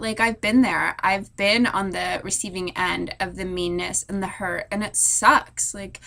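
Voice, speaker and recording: A woman's voice: fairly high pitch, a bit bright. A young woman, a military spouse, talking through tears in an emotional personal vlog, rambling with many "like" fillers. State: crying. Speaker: vlogger. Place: hotel room.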